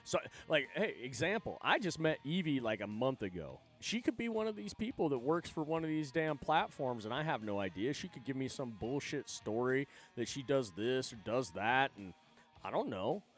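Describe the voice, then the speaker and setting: A man's voice: medium pitch, very animated, moderate pace, soft background music. A man chatting casually on his livestream, rambling, swearing freely and laughing often between thoughts. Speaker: livestream host.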